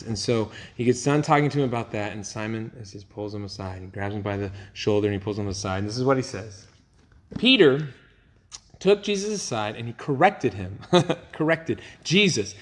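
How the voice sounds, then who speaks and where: A man teaching a youth group in a casual, animated storytelling way, laughing often and using casual fillers. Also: medium pitch, fairly quick. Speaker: youth pastor.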